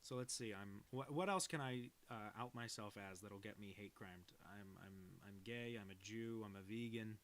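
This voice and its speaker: A man's voice: lowish voice, normal speed, hardly any pauses, a bit bright, a little hiss or hum. Chatty man streaming while he draws. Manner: rambling, self-deprecating, chuckles often. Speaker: cartoonist streaming his work. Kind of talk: casual live-stream chat while drawing.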